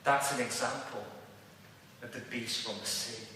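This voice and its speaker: A man's voice: mid-range voice, steady tone, unhurried, background noise. A man with a Liverpool accent preaching a sermon to a congregation in a church hall. He speaks emphatically and puts rhetorical questions to his listeners. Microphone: distant room mic. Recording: echoey church hall from far off.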